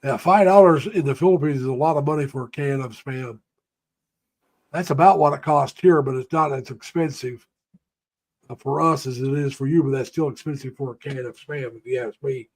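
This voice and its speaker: Older man, live-stream host, rambling folksy storyteller, mid-pitched everyday voice, chatty and unhurried. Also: steady tone, breathy edge. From United States. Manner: rambling, folksy storytelling, greeting viewers by name. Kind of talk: casual live-stream chat.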